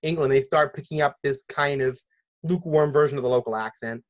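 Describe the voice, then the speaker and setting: A man's voice: mid-range voice, fairly quick. A man hosting a casual podcast chat, rambling with restarts and jokey side notes. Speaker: podcast host.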